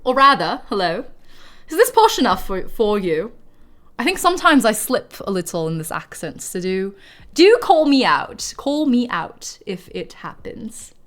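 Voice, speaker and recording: A posh British lady with crisp, over-enunciated consonants and long drawled vowels, as a woman puts her on for a laugh. Her pitch sits mid-range but moves about animatedly. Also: sing-song, measured pace. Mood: prim. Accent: put-on posh British. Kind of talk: playful live-stream voice bit.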